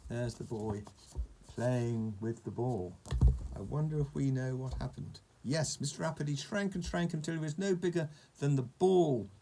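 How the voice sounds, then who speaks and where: A man reads a children's story aloud in a gravelly, mid-pitched voice. He stops often to chat with the young listener about the pictures. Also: normal speed, slight background noise. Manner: warm, chatty asides to a child.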